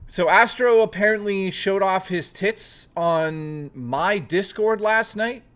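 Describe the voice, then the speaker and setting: A man's voice: sits high, slow, fairly bright tone. A man hosting a casual chat stream, rambling and joking with plenty of swearing, greeting chat readers by name. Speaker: livestream host.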